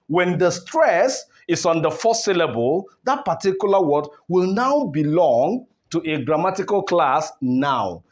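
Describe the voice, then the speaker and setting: A man teaching word stress, asking rhetorical questions and repeating words to contrast the stress. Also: fairly high pitch. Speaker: English teacher. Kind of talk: classroom lesson on word stress.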